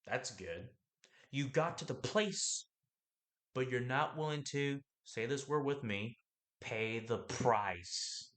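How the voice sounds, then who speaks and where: A man hosting a podcast, giving an animated, preachy motivational talk that rambles and fires questions at the listener. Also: medium pitch, takes it slowly. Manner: animated and preachy, asks the listener questions, acts out other people's lines; rambling, with laughs and restarts.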